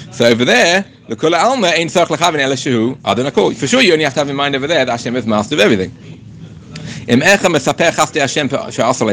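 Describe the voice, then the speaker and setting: A man in the middle of a Torah class who reads Hebrew text slowly and carefully, then turns to explain it in English. He talks in a halting way, often breaking off and starting his sentences again. His voice sits at an ordinary middle pitch for a man. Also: fairly bright tone. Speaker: Torah teacher.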